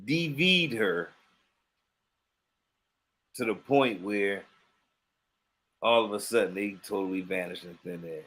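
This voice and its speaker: A man's voice: lowish voice, slow pace, pauses often, a bit bright. A man telling a long story in casual chat, acting out quoted dialogue and laughing often. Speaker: podcast co-host.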